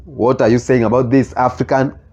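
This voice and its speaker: A man with a Kenyan accent hosting his own channel, talking earnestly in halting phrases and often restarting mid-sentence as he reacts to comments. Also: medium pitch, flat delivery, a little mellow. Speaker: channel host. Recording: slightly muffled lo-fi recording.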